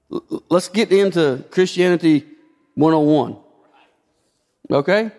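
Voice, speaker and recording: A man's voice: high voice, a little slow, pauses often, a little mellow. A man preaching a sermon as pastor, asking rhetorical questions and shifting his emphasis often. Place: church sanctuary. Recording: long hall reverb.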